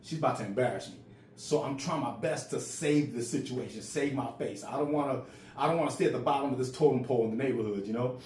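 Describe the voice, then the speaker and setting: This man, in his forties, speaks fast in a mid-range, slightly mellow voice as he shares a personal story in a casual, unpolished manner. He stutters and repeats words, and the recording is roomy with faint background ambience.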